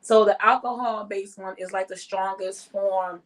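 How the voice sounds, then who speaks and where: A woman, an herbalist guest on a podcast, explaining her remedies with many fillers and soft laughs. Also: mid-range voice, steady tone, measured pace. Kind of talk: casual chat, explaining remedies.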